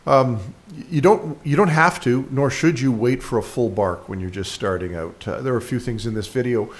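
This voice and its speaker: A man's voice: mid-range voice, moderate pace. A man hosting a dog training video, explaining a trick in a rambling voice-over with frequent fillers and restarts.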